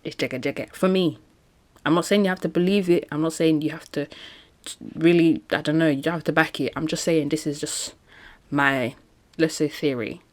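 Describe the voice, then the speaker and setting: A woman's voice: deep voice, steady tone, normal speed. A woman talking casually in a solo podcast, chatty and emphatic, often laughing between points. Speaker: podcast host.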